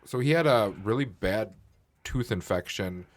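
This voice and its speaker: A man co-hosting a podcast in casual chat, telling joking, animated stories. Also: on the low side, unhurried. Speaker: podcast co-host.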